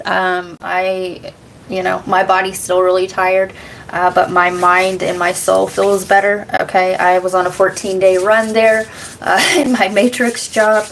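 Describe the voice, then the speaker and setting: A woman's voice: mid-range voice, rough recording. American lady chatting on a tarot stream, rambly, laughs a lot, faint hum behind her. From United States. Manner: rambling, laughs often, swears casually, reads chat aloud. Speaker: tarot reader and livestream host. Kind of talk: casual livestream chat.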